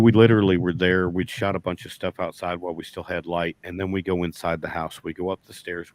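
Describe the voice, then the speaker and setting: A very deep-voiced man with a drawl tells a long story in casual chat. His folksy, rambling delivery circles back and restarts often. The sound is dry and close, with no room echo. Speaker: beekeeper guest.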